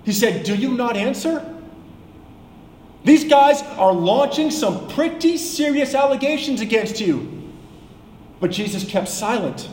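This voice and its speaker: A man teaching a sermon, measured and explanatory, slowing down for emphasis. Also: high voice, darkish tone, echoey room, in a large hall, a little hiss or hum, rough recording. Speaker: preacher.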